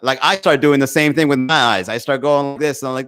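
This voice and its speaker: A man's voice: medium pitch, fast talker, fairly bright tone, smooth. A man hosting a comedy podcast, chatting casually with his stream, rambling, swearing freely and laughing often. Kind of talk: casual livestream chat.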